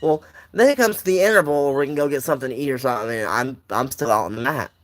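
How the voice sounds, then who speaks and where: A man's voice: medium pitch, fast talker. A young man telling a personal story in a casual, rambling way, with lots of restarts and side notes. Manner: rambling, with many restarts and asides.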